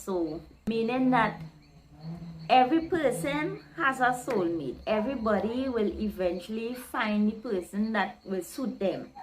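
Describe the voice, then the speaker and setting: A woman's voice: medium pitch, slight background noise, rough recording. Woman, vlog host, easygoing explainer who spells out each saying, mid-range voice. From Guyana. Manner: explains step by step, acting out quoted lines with lively voice shifts.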